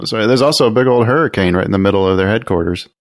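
A man co-hosting a casual podcast, making dry deadpan remarks. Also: fairly low pitch, rapid-fire, slight background noise. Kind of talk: casual chat.

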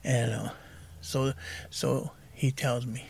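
A soft-spoken man in his fifties, telling his own story candidly as a podcast guest. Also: medium pitch, fairly even intonation, unhurried, gravelly, breathy edge.

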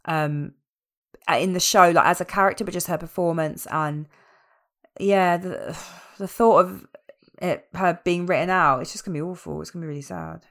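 A woman's voice: lowish voice, steady tone, normal speed, gravelly. A young woman in a casual podcast chat, blunt and opinionated, swearing freely. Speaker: podcast co-host.

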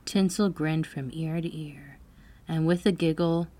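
Low-voiced woman reading a bedtime story real slow, soft and soothing, faint music behind.

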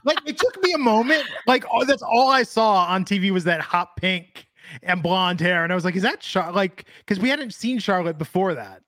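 A man's voice: sits high, lively intonation, moderate pace, bright, forceful tone, dry recording, studio quality. A man co-hosting a casual wrestling talk show, chatty and opinionated, rambling with lots of filler words. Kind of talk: casual podcast chat.

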